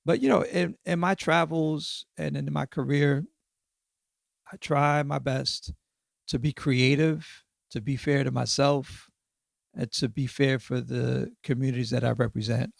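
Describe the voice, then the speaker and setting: A man's voice: medium pitch, fairly even intonation, a little slow, vocal fry, no echo, clean studio sound. A man in his fifties, a podcast guest and author, talking through his experiences in a reflective way, often checking in with "right?" and "you know". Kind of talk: casual interview conversation.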